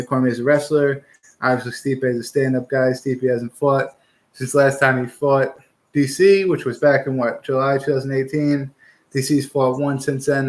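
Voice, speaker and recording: A young man hosts a casual fight-picks show. His voice sits at an ordinary middle pitch. He talks bluntly and swears freely, pushing hard opinions in loose, rambling chat. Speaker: podcast host giving fight picks.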